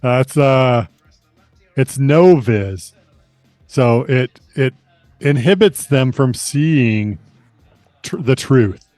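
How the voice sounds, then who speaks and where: A man's voice: mid-range voice, expressive, very slow, long pauses, a little mellow, no echo, soft background music. An American man co-hosting a podcast, joking loosely and laughing between lines. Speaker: podcast co-host. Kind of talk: casual banter.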